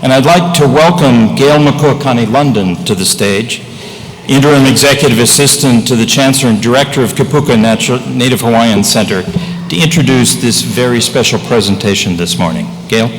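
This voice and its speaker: A man serving as master of ceremonies, introducing the next presentation in a plain, steady way. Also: medium pitch, normal speed. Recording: echoey hall, faint noise.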